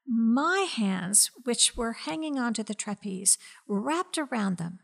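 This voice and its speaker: A ministry director gives an earnest testimony about her faith while being interviewed, her voice at a medium pitch. She moves slowly and hesitantly, leaning on many fillers, with soft and breathy moments throughout.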